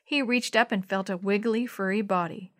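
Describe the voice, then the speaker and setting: Lady reading a kids chapter book out loud, gentle, bumps her voice up for the kid lines. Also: mid-range voice, moderate pace. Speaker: storybook reader. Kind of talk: scripted narration of a children's chapter book.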